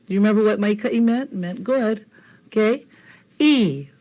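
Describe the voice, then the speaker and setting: A woman's voice: mid-range voice, a little fast, dark tone, rough recording. A middle-aged woman teaching a language lesson, patiently drilling vowel sounds and coaxing viewers to repeat after her. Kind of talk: slow, patient classroom teaching.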